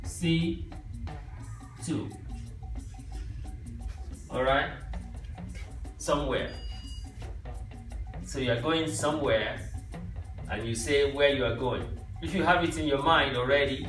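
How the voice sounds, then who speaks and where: A man's voice: fairly high pitch, slow pace, pauses often, fairly bright tone. A man teaching a youth language class, patiently walking his students through simple phrases and often checking with "right?". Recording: echoey room, mic far off, music behind.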